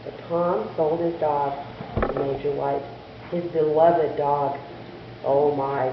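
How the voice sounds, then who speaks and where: A woman telling a church children's story in an animated way, asking the children questions as she goes, in a distant, echoey church recording. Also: deep voice, measured pace, dull audio, a little hiss or hum. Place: church sanctuary.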